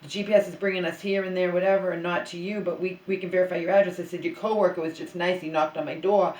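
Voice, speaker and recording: A woman's voice: lowish voice, fairly even intonation, fast talker, a little mellow, reverberant, poor audio. A woman vlogging from her bedroom floor, ranting in casual, rambling talk and repeatedly checking in with "okay?". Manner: ranting, frequent "okay?" asides.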